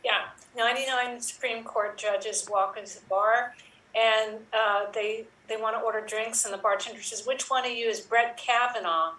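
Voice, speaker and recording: Bright-voiced woman, distant and roomy. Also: on the high side, steady tone, normal speed. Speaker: improv performer. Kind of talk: improvised joke telling. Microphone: video call.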